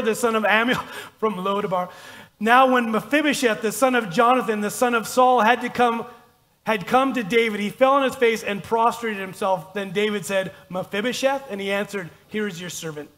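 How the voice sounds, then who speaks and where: A man's voice: sits high, normal speed, a bit bright. A man pastor preaching a conversational, self-deprecating sermon and reading scripture aloud in a church. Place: church sanctuary.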